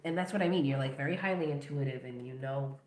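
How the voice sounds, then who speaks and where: Speaking straight to the viewer, a tarot reader delivers a collective reading full of steady encouragement and affirmation. Her pitch is middling and her pace fast. Background noise and a noticeable room echo color the recording.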